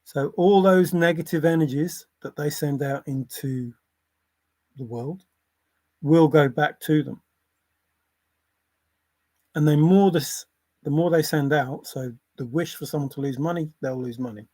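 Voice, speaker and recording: A man's voice: fairly high pitch, unhurried, long pauses, dark tone, dry recording. A man hosting a casual livestream, rambling between topics, often chuckling and apologizing. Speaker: livestream host.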